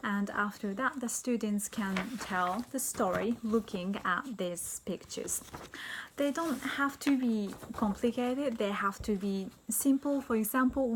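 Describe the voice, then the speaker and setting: A woman teacher walks tutors through a speaking test, taking her time with each step. She reads example lines aloud with careful emphasis, at an unhurried, deliberate pace. A faint hiss sits under her voice. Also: a little high. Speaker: English teacher briefing tutors. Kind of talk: instructional explanation. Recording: faint background noise.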